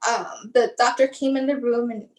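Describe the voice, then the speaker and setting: Woman, high-pitched, guest telling a personal family story with emotion; acts out the dialogue. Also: steady tone, moderate pace, poor audio. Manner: acts out remembered dialogue, frequent "like" and "um". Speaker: guest, mother telling her son's story. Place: lives in the Tampa area.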